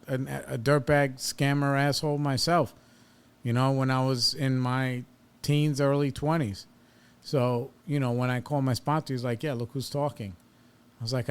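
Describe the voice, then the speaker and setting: A man's voice: medium pitch, clear, resonant tone. A man in his thirties hosting a podcast, telling a personal story in a blunt, profane, casual way and reliving an argument with rising heat. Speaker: podcast host.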